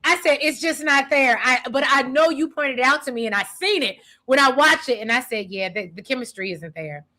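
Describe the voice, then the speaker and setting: A woman hosts a casual talk show and chats animatedly. Her voice sits high for a woman and sounds bright and crisp. She talks in an open, welcoming way. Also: brisk, hardly any pauses. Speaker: podcast host. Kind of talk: casual chat.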